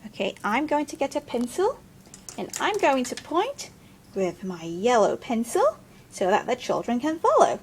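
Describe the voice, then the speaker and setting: A woman's voice: fairly high pitch, wildly swooping pitch, normal speed, a little hiss or hum. A woman teaching young children phonics in a sing-song way, sounding out letters one at a time and encouraging them. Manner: talks to a puppet helper.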